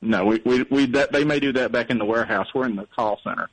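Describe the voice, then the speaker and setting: This caller from North Alabama, USA, is getting over an illness and chats casually on a radio show, rambling with wry self-deprecation. He talks fast at a medium pitch on a rough recording with no room sound.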